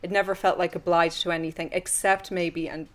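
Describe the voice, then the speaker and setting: A woman's voice: fairly low pitch, level tone, a little fast. A woman reviewing films in a casual panel chat, gushing and full of fillers. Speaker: film reviewer.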